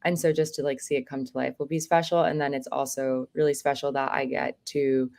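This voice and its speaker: A woman's voice: a bass voice, level tone, fairly quick, vocal fry, a little mellow. A woman organizing an event, talking casually with many fillers on a podcast. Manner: chatty, lots of fillers.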